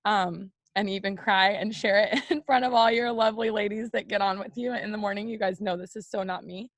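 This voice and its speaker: A woman talking straight to her viewers in a casual, heartfelt morning video. Her voice has a gravelly vocal fry, and the sound is dry and close with no room echo. She fills her talk with "like" and "you know" as she confides. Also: medium pitch, steady tone, fairly quick. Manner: open, confiding, many "like" and "you know" fillers. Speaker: host of a morning live video for women.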